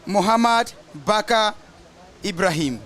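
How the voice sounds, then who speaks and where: A man calls a soccer match live from the stands, his voice pitched high and bright. He wanders off into stories about famous players between the plays. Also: lively intonation, slow. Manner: rambling, drifts into asides about famous players. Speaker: soccer commentator. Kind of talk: live play-by-play commentary.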